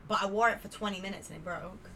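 A woman's voice: mid-range voice, fairly even intonation, fast, crowd noise. A young woman co-hosting a podcast, telling stories in casual, sweary chat. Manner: chatty, swears freely, tells stories with laughter. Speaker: podcast co-host.

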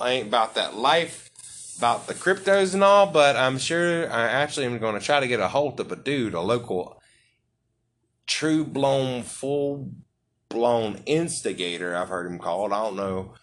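A man's voice: medium pitch, lively intonation, a little slow, a bit bright. A man hosting a podcast interview, joking, rambling and swearing freely. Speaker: podcast host. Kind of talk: casual interview chat.

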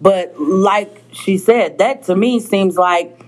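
A woman co-hosting a casual talk podcast, animated and quick to jump up high in pitch. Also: low-quality recording. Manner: animated, jumps to high pitch in acted quotes. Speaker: podcast co-host. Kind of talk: casual chat.

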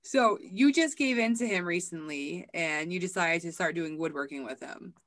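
A woman's voice: lowish voice, normal speed, fairly bright tone. A woman hosting a casual podcast interview, asking questions and laughing along. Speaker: host.

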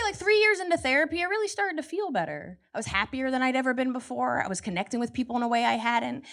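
In a noisy live stand-up recording, a thirty-something woman with a slightly bright voice on the high side tells self-mocking, wry stories, each working its way up to a punchline.

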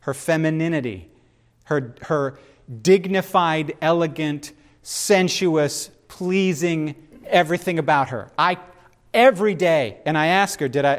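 A middle-aged man preaching in an animated, conversational way and often turning to his listeners with asides. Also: on the high side, unhurried. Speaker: pastor. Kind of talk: sermon.

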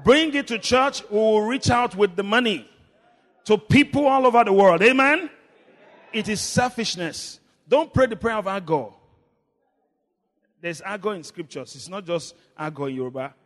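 A man preaching a sermon, leading the congregation in call and response, swinging between shouts and low murmurs. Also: normal speed, long reverb tail. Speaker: pastor.

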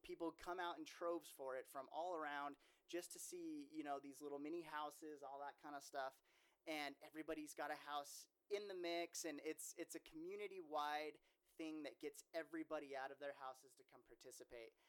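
A man chatting casually in a relaxed, reflective way. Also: a little high, normal speed, clean tone. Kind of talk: casual chat.

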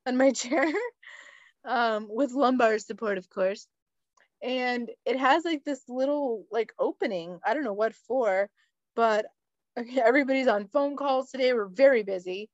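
A woman's voice: a little high, normal speed, no echo. Chatty, swearing woman with a muffled sound. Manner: chatty, swears freely, laughs while telling stories. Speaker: podcast co-host. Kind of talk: casual chat.

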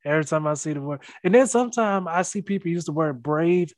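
A man's voice: a little high, expressive, fast talker. A man from South Carolina, a comedian hosting a podcast, chatting casually and cracking jokes. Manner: joking, easygoing. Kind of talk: casual chat.

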